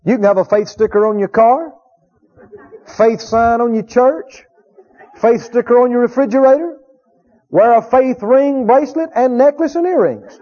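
A man's voice: very high-pitched, normal speed, mellow. A man preaching a sermon, emphatic, repeating key phrases and drawing out quoted scripture. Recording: dull lo-fi recording.

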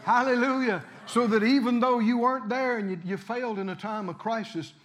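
A man preaching a sermon in a church, telling a story and then rising to loud exhorting with frequent hallelujahs. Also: extremely high pitch, fairly quick.

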